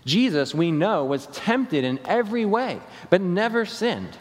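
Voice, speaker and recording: Preaching pastor, lively, in a reverberant hall. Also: male voice, high voice. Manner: preaching with falling endings and slowed emphatic phrases. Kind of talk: sermon. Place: church sanctuary. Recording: long reverb of a church hall.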